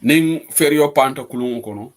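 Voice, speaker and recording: A man's voice: medium pitch, brisk. A man with a Gambian accent hosting an online current affairs show, reading out viewer comments and arguing his points. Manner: animated, reads out viewer comments and argues points. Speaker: host.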